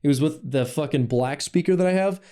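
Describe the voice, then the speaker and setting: Rambling young man, mellow voice. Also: fairly quick. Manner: rambling storyteller, swears, imitates people in a higher voice. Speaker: podcast co-host. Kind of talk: casual chat.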